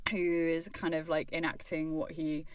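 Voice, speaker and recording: Chatty woman, low voice. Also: level tone, moderate pace, clean tone, no room sound, distant mic. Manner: chatty, many fillers and restarts. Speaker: podcast co-host. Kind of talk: casual literary chat.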